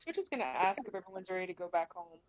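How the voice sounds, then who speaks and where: A woman's voice: on the low side, expressive, racing. Chatty woman playing a tabletop game. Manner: talks through her character in third person, chatty. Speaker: player. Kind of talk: tabletop role-play, in character and out. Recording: dull lo-fi mic.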